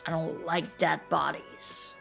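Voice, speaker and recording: A woman's voice: low voice, level tone, slow, gravelly, fairly bright tone, faint music behind. A woman streamer playfully joking through casual game commentary.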